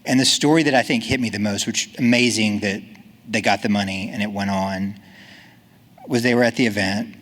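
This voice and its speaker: A man's voice: on the low side, fairly bright tone. Earnest man giving a conference talk. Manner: earnest, casual and encouraging. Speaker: conference speaker.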